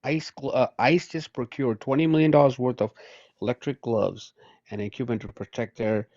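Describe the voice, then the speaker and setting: A man's voice: mid-range voice, steady tone, moderate pace, a little mellow, dry recording, dull audio. A man calling in to a political live stream, arguing insistently and swearing. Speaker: caller. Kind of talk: heated political call-in argument.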